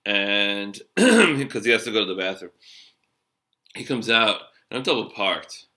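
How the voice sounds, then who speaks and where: A middle-aged man with a strikingly bright, forceful voice, telling an animated cab-driving story. He sits a little low in pitch, and his talk is loose and sprinkled with swearing. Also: measured pace. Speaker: storyteller, former cab driver. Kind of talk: casual storytelling chat.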